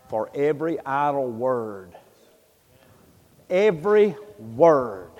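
A man's voice: medium pitch, darkish tone. A man preaching a sermon, impassioned and folksy, often repeating words as he builds up. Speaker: pastor. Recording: long reverb of a large hall.

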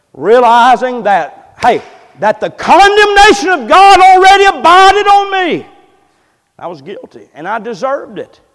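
A man preaching a sermon in a church, moving from hushed, low passages to loud, fervent ones. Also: in a large hall. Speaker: pastor. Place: church sanctuary.

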